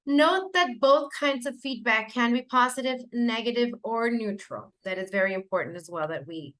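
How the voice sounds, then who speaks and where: A woman's voice: on the high side, a bit bright. A woman whose first language is Spanish, giving a teacher-training lecture in an explanatory way, with fillers and self-corrections.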